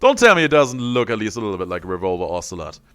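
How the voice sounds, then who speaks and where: A man's voice: on the low side, big pitch swings, fast talker, a bit bright, dry recording. A man hosting a let's play video, making joking asides as he plays. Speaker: gaming channel host.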